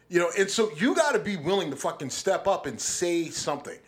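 A man with a slightly higher voice talks in a loose, heated way, swearing freely and pressing his point. He is co-hosting a casual studio chat. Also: lively intonation, fairly quick, fairly bright tone. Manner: blunt and profane, heated. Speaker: podcast co-host.

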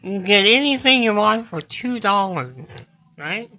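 A guest comedian in a studio chat tells long, drawn-out jokes, slipping into character voices for the punchlines. His high, expressive voice has a sharp tone, picked up by a studio microphone on a rough recording.

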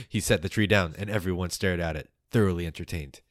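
A low-voiced man serves as game master and host of a tabletop game podcast, narrating the story in a measured, playful way and handling the show announcements. The sound is studio quality, with no room sound.

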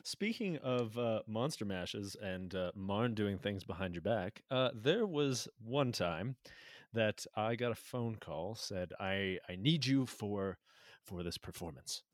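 A man's voice: on the low side, lively intonation, slow pace, no room sound, studio quality. A man joining a podcast as a returning guest, chatting casually and joking at his own expense. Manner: self-deprecating, chuckling. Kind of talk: casual chat.

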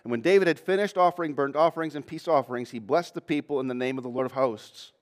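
A man's voice: mid-range voice, fast talker. A man preaching a sermon, reading scripture and commenting on it, often acting out the voices he quotes and building to rising intensity.

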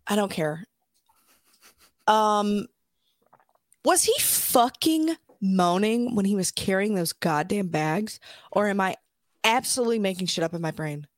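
A young woman co-hosting a podcast, retelling scenes in a profane, animated, laughing way. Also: mid-range voice, a little slow, pauses often, no echo. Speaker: podcast co-host. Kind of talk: casual chat.

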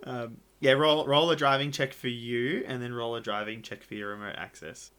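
A man narrating a tabletop game as game master in a casual manner with quick asides. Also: mid-range voice, fairly even intonation, fairly bright tone.

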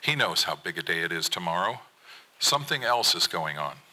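A man voicing a calm mother in a soft voice during a performed poem. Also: low voice, fairly quick, heavily acted, rough recording. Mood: soothing. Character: calm mother soothing her husband.

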